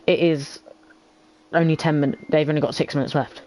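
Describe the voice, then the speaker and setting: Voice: medium pitch, little pitch movement, normal speed, darkish tone, slight background noise, rough recording. A commentator giving lap-by-lap updates on a sim racing session in a casual, chatty way. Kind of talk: live race commentary.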